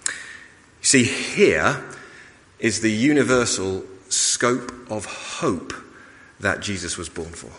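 A man preaching a sermon in a measured, emphatic way, pausing and restarting as he explains a passage. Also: lowish voice, lively intonation, fairly bright tone. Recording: long reverb of a large hall.

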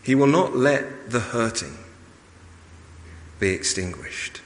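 A man preaching a sermon in a measured, emphatic way, pausing and restarting as he explains a passage. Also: mid-range voice, big pitch swings. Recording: long reverb of a large hall.

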